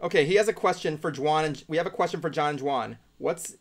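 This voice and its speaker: Casting note: young male podcast host, gravelly fry, rambling and laugh-prone, slightly raised pitch. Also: fast talker. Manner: laughs often, loose and rambling. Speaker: podcast host reading viewer questions. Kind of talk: casual group chat.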